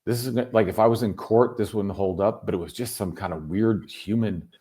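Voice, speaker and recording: A man telling his story as a guest in a casual chat, animated and swearing freely. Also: fairly low pitch, normal speed. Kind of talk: casual video call chat. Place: home in Berlin.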